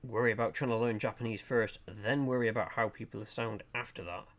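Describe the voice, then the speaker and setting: A man's voice: fairly low pitch, fairly even intonation, brisk, fairly bright tone. A man from the United Kingdom chatting casually on a live stream, musing and hesitant, with many fillers.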